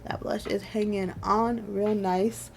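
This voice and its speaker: A woman's voice: medium pitch, level tone, slow pace, gravelly, slight background noise. A woman in her twenties chatting casually through a makeup wear test as a beauty vlogger, rambling with lots of "like"s and little laughs. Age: 20s.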